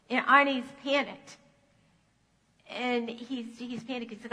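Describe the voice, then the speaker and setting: Lady pastor telling a story in church, lively, kinda high voice, echo everywhere. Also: measured pace. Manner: animated storytelling. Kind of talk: children's story sermon. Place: church sanctuary. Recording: echoey church sanctuary.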